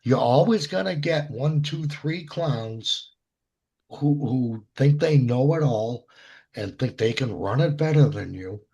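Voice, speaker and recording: A man hosting a casual chat among DJs, asking his co-hosts questions in an animated way. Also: mid-range voice, slow pace, gravelly, breathy edge. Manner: animated, asks probing questions. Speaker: DJ show host. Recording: muffled lo-fi audio.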